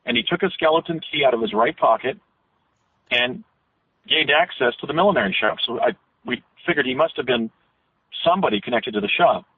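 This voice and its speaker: A man's voice: mid-range voice, animated, a little fast, slightly rough. A man guest on a radio interview, telling long rambling recollections with frequent restarts. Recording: tinny phone line.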